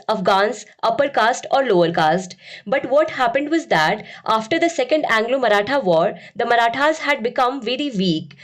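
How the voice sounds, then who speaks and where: A woman narrating a scripted history lesson as a teacher, in a steady, explanatory lecturing manner. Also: fairly high pitch.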